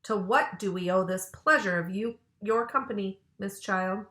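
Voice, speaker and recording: A stern male schoolteacher from a children's storybook, as a woman reads him aloud. He talks in a brisk, businesslike way with a bright edge to the tone. The recording has a roomy echo. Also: medium pitch, close to an everyday voice. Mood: put out.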